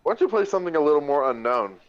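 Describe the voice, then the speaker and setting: A man chatting casually as a guest in a laid-back, low-key way. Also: very animated, very fast, clear, resonant tone, dry recording, muffled recording. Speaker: guest and voice actor. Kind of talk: casual chat.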